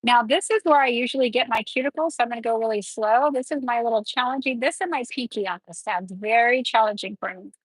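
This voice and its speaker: Husky-voiced woman nail tech teaching live. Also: on the high side, fast talker, hardly any pauses, no room sound, poor audio. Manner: chatty, explains each step while working.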